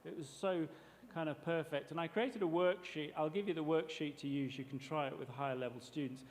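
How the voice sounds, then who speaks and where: A man's voice: on the high side, brisk, a little hiss or hum. A man as a teacher trainer, giving a chatty, explanatory workshop presentation in a lecture hall. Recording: long hall reverb.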